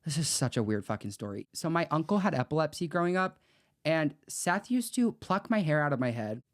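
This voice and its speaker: A young man co-hosting a podcast, telling crude, animated stories in casual chat with a lot of swearing. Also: a little high, brisk. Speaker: podcast co-host.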